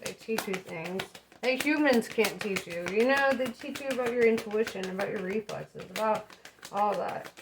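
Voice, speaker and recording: A young woman giving a casual tarot reading, chatty and relaxed, with plenty of fillers and frequent laughter. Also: medium pitch, normal speed, noisy background. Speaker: tarot reader.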